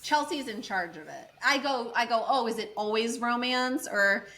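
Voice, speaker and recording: A woman's voice: on the high side, normal speed, poor audio. A woman co-hosting a podcast, chatting casually and acting out other people's lines as she tells a story. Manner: animated storyteller acting out quotes. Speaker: podcast co-host. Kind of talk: casual chat.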